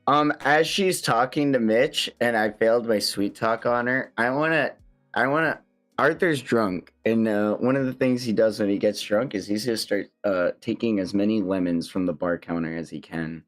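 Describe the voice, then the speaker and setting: A man's voice: fairly low pitch, moderate pace, a bit bright, faint music behind. A man playing a tabletop game, talking casually and laughing between hesitant phrases. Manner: laughing, hesitant, lots of fillers. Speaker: player.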